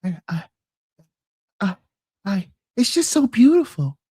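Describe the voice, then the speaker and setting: A woman doing an impression of a soft-spoken male pop star, hushed and stammering. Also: mid-range voice, big pitch swings, slow pace, slightly rough, dry recording, full character voice. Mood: timid.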